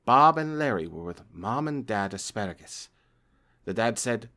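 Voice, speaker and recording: A man's voice: lowish voice, lively intonation, moderate pace, sharp tone. A man reading a horror story aloud in plain first-person storytelling, stumbling now and then. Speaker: creepypasta narrator.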